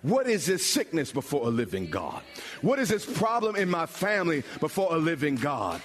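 A pastor preaching a sermon, building from explanation to bold, emphatic calls with dramatic pauses. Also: male voice, on the high side, sing-song. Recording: long hall reverb.

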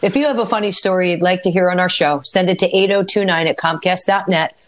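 A woman's voice: on the low side, fast talker. Informative female talk radio co-host. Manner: informative, reads out rates and phone numbers. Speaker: mortgage lender and radio co-host.

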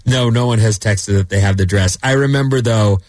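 A man's voice: fairly low pitch, a little fast, a little mellow, no echo. Chatty male radio host, dry sound. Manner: chatty storyteller, playful. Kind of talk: morning show banter.

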